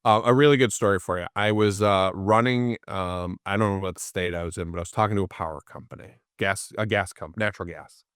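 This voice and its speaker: A man's voice: sits low, brisk, clean tone, no room sound, clean studio sound. A man, the guest in a casual interview, tells anecdotes and acts out the people in them. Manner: animated storyteller, acts out quoted people.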